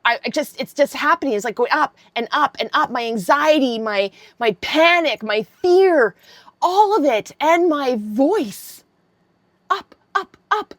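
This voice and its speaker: A woman in her fifties tells a story straight to camera in a voice set a little on the high side. Her delivery is animated and candid, with casual swearing. The sound is close and dry. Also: moderate pace, no echo. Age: 50s. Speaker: vlogger.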